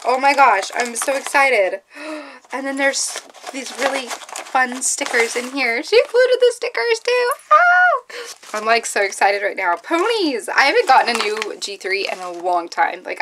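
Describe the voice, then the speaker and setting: A young woman vlogger opening fan mail in casual chat, excitable and often gasping and squealing with delight. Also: on the high side, normal speed, noisy background.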